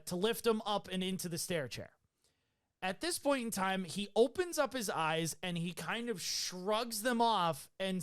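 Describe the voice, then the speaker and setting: A man's voice: sits high, a bit bright, clear, resonant tone. A man hosting a podcast, casually recounting a medical call in a loose, profane way with many fillers. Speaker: podcast host.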